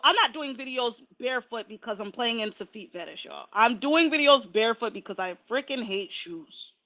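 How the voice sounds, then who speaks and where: A woman hosting a casual livestream, chatty and animated, talking straight to her viewers. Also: on the high side, highs cut off. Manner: chatty, animated, laughing asides. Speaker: livestream host.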